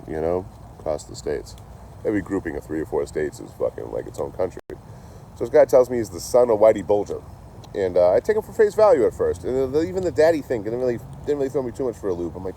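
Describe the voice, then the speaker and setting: A deep, mellow-voiced man talks outdoors in a casual, rambling way. He swears freely and leans on "you know" between thoughts. Faint traffic hums behind him in the street. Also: expressive, fairly quick. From Massachusetts. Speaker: traveling vlogger. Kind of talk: casual chat.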